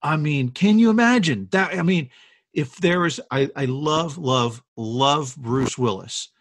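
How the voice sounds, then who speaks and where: On a relaxed talk show, this co-host recounts film history in a chatty, meandering way, restarting sentences and drifting into asides. His voice is a little high and a little slow, with no room sound at all.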